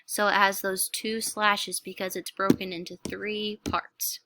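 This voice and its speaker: A woman teacher giving a clear, step-by-step lesson to young students, sounding out words slowly. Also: medium pitch, level tone, noisy background. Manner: slow, clear, instructive, stretches words to clap syllables. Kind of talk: classroom lesson explanation. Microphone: recorded lesson video.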